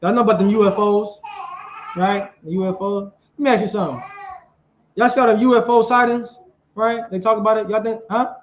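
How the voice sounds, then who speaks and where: A man, preaching outdoors and quizzing the crowd in an animated way. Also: high-pitched, a little fast, highs cut off, slight background noise. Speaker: street preacher. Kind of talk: street preaching debate.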